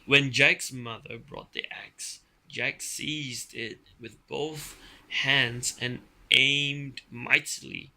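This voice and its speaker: A man's voice: medium pitch, vocal fry, sharp tone, poor audio. A middle-aged man reading a children's story aloud at home, plainly and playfully, with small slips. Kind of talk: casual bedtime story reading.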